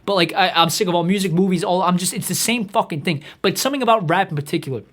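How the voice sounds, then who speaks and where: A man delivering a profane comedic rant in a rapid, exasperated, swearing tirade. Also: high-pitched, fairly bright tone. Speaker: comedic ranter.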